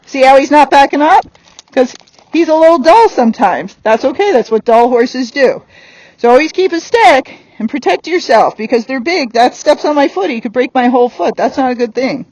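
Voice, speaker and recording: A woman's voice: high-pitched, animated, normal speed, darkish tone, no echo, low-quality recording. A woman horse trainer giving a hands-on lesson while working a horse on the ground, blunt and firm.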